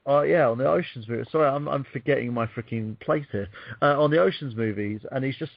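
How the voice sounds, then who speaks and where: A man co-hosts a casual podcast, cracking jokes and swearing freely. His voice is mid-pitched and dry. The audio is dull and lo-fi. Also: fairly quick, vocal fry, no room sound. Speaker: co-host. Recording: muffled lo-fi audio.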